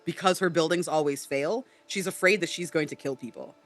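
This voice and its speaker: A man co-hosting a podcast in casual chat, animated and explanatory, often tagging on "right?". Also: on the high side, a little fast. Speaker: podcast co-host. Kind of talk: casual chat about tabletop role-play.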